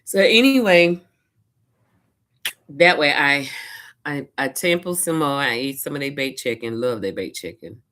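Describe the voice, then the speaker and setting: A woman from Louisiana, her voice unusually deep for a woman. She talks casually to her vlog camera, retelling events with lively quoted asides. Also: unhurried, pauses often. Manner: chatty, animated retelling with quoted asides and laughs. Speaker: vlogger. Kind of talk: casual personal storytelling.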